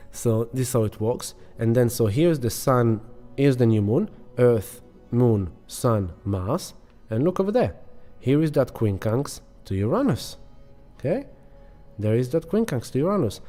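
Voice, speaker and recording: A man's voice: mid-range voice, dark tone. A man hosting an astrology channel, explaining an astrology chart in a casual, emphatic way and repeating words for effect.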